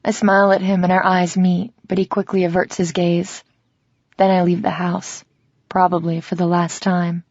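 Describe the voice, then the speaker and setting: A woman reading a first-person romance audiobook in a measured, reflective way, in a slightly dull, dry recording. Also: lowish voice, level tone, darkish tone, no echo. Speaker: audiobook narrator.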